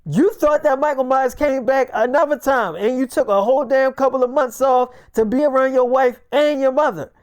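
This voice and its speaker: A woman's voice: high-pitched, moderate pace, hardly any pauses, darkish tone, no echo, studio quality, lightly acted. A woman voicing a man who is an uneasy, resentful deputy partner, insistent and swearing. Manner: profane, insistent.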